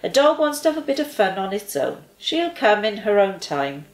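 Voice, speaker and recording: A woman's voice: medium pitch, moderate pace, reverberant, close to an everyday voice. A woman voicing an easygoing, kind mother in a read-aloud children's story. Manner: relaxed, unworried.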